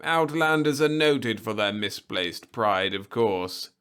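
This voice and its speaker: A frail, pampered young man from the city, speaking in a tired, plaintive drawl with a faintly haughty air, as a man reading the story voices him. His lines rise and fall in lively, uneven swings. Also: on the low side, slow, clean tone. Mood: weary, mild. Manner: listless, plaintive, mildly haughty.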